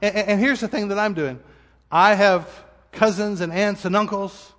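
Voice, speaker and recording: A man's voice: high voice, fairly even intonation, moderate pace, fairly bright tone, long reverb tail. A male pastor giving an earnest, vulnerable sermon appeal, at times near tears. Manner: earnest, vulnerable, self-deprecating. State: tearful at times. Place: church auditorium.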